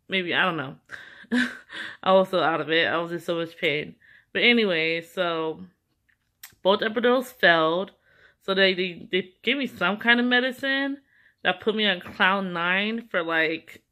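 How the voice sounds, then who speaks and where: A young woman in her twenties telling a candid, animated story to camera in casual storytime chat, full of "like" and cussing. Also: on the low side. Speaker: vlogger.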